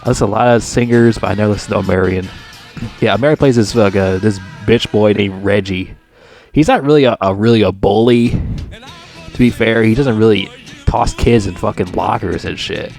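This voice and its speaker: A low-pitched man rambles through a movie review, swearing freely and drifting off-topic. His voice jumps sharply upward when he gets worked up, with faint music playing softly behind him. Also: normal speed, gravelly. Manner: profane, rambling, digressive; exasperated outbursts with pitch jumps.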